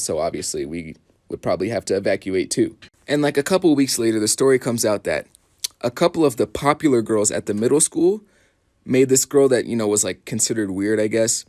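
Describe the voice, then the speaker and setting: A man's voice: medium pitch, darkish tone, no echo, clean studio sound. A young man telling a school story in a chatty way, full of "like". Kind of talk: casual storytime.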